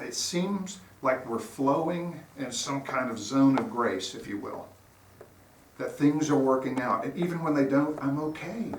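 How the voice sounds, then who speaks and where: Man preaching in a roomy church. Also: a little high. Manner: conversational, earnest storytelling. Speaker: guest speaker. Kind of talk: informal sermon. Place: church sanctuary. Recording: roomy hall, distant mic, faint noise.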